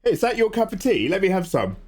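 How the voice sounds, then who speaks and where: A man's voice: high-pitched, very animated, fast talker, a little mellow, pitched above the performer's own voice. A man voicing a rude, careless gas repairman in a smug, mocking manner.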